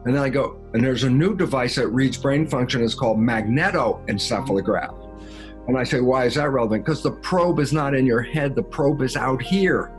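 A man's voice: mid-range voice, moderate pace, soft background music. A man giving an emphatic motivational talk, often checking in with the listener. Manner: emphatic, keeps asking "okay?". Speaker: speaker.

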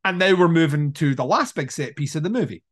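A man's voice: fairly high pitch, fast talker. A man co-hosting a podcast, eagerly retelling movie scenes in casual, profane chat with laughs and restarts. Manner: animated retelling of scenes, frequent swearing; many fillers and restarts, laughs while talking. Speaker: podcast co-host. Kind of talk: casual film discussion.

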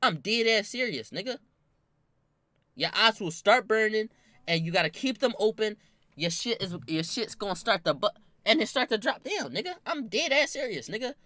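A young man casually telling a wild story from his own life, animated and full of slang and swearing. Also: high voice, moderate pace, dry recording. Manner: animated, slangy, swears a lot, bursts into loud laughing shouts.

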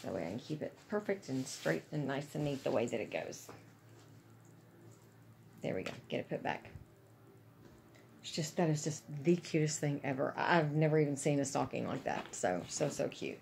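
A woman's voice: very deep voice, big pitch swings, normal speed, creaky, pauses often, darkish tone, slight background noise. A woman chatting casually and gushing to her viewers about gifts she is unboxing. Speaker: vlogger.

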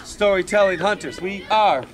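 A man teaching a storytelling class outdoors in the shade, coaxing children along in a playful, animated way. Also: high voice, normal speed, over music.

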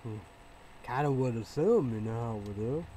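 A man's voice: mid-range voice, expressive, normal speed, low-quality recording. Rambling man with faint background hiss. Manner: rambling, repetitive, with many fillers and restarts; swings from mumbling to loud outbursts. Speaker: vlogger. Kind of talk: rambling casual monologue.

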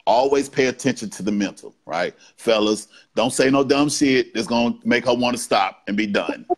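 A man's voice: medium pitch, normal speed. A man speaking as a guest on a podcast, explaining casually in short bursts and often tagging his lines with "right?". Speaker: guest BDSM educator. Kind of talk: casual podcast interview talk.

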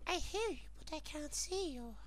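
A man putting on a creepy, high, female-sounding stalker voice in a plaintive, sing-song tease. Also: lively intonation, normal speed. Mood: creepy teasing.

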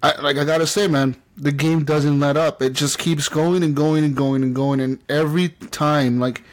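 Male podcast host, eager and animated while recounting game scenes, mid-range voice. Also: medium pitch. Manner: excited, laughing storyteller who acts out game dialogue. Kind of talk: casual gaming podcast chat.

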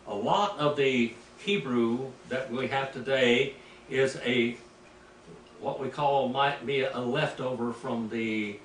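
An older man, a preacher, teaching Greek in a rambling, anecdotal way, clearing his throat now and then. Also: medium pitch, a bit bright. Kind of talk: informal teaching sermon. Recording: echoey room, mic at a distance, faint background noise.

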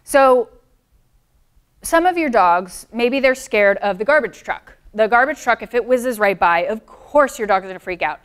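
Smooth-voiced woman teaching a dog seminar. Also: on the high side, lively intonation, normal speed. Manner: friendly, explanatory, answers audience comments. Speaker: dog trainer. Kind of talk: presenting a live seminar.

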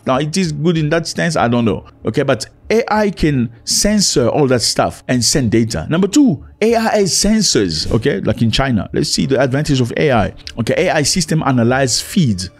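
A man's voice: medium pitch, a little mellow. A man giving emphatic, preachy commentary to the camera, talking straight to the listener and driving his points home with repetition.

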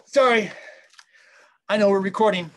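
A man in his fifties, an audio software engineer, chatting casually in an interview and rambling enthusiastically as he interrupts himself. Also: sits high, moderate pace.

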